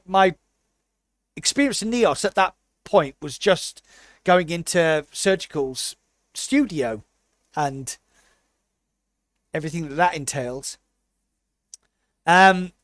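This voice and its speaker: High-voiced British man telling a story. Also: no echo, studio quality. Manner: animated storyteller, puts on quick voices for people he quotes. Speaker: podcast co-host. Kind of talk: casual podcast chat.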